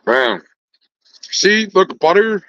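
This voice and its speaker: A man's voice: high voice, big pitch swings, slow, a bit bright, no echo, dull audio. A man talking in a casual conversation, laid-back and slangy, swearing freely.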